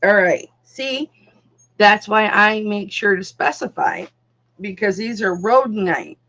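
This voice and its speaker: Gravelly-voiced woman hosting a live jewelry auction. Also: mid-range voice, lively intonation, slow, fairly bright tone. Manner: chatty, calls viewers darling, honey and doll. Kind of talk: casual live-stream selling chat. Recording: dull lo-fi sound.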